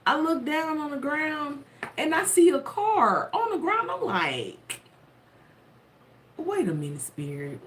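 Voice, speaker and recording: A woman telling a spiritual story casually to her viewers, animated and laughing often. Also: high-pitched, unhurried, slight background noise. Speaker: tarot content creator.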